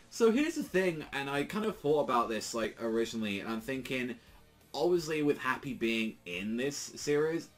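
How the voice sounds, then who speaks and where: A man reviewing a manga chapter in a loose, rambling way, full of fillers and swearing, briefly acting out characters' lines as he retells the scenes. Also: fairly low pitch. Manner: rambling, lots of fillers and swearing, acts out quotes in passing.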